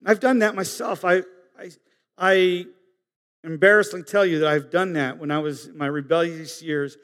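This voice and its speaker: A man preaching a sermon, earnest and halting, swinging from emphatic high peaks down to soft low asides. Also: steady tone, long reverb tail. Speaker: pastor.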